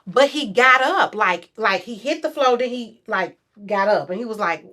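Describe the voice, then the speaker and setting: A woman in her forties, appearing as a podcast guest, tells a story in relaxed conversation at a normal speed. She's expressive, and when she quotes people she acts them out in a louder, higher voice.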